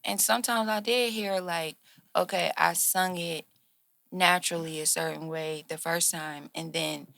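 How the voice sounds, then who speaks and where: A woman's voice: on the low side, fairly even intonation, a little slow, gravelly, a bit bright, no room sound. A middle-aged woman from Georgia, a singer chatting as a guest, laughing often as she talks. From Georgia, USA. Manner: laughs often while talking. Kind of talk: casual chat.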